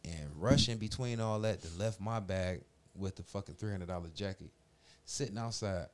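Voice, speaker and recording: A low-pitched man in his forties spins a lengthy story during casual conversation, speaking at an ordinary pace. He leans on profane slang and brings his retelling to life by voicing each character.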